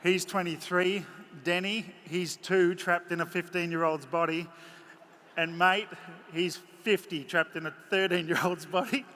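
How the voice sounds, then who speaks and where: A man's voice: sits high, fairly even intonation, unhurried, pushed and bright, slight background noise. An Australian man giving a horse clinic from the saddle, chatty, joking and openly emotional, on a headset mic in a large indoor arena. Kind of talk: live clinic commentary from horseback. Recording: echoey arena with faint ambience.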